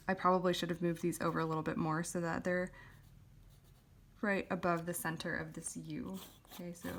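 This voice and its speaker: Calm woman teaching while writing. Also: lowish voice, slight background noise. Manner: relaxed, explaining step by step with filler ums. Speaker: calligraphy teacher. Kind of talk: instructional voice-over while writing.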